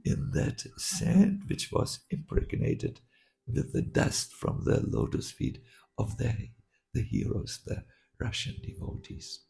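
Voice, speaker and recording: A man, a monk, telling a story while teaching a scripture class, halting with many fillers and restarts. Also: mid-range voice, wildly swooping pitch, creaky, dark tone.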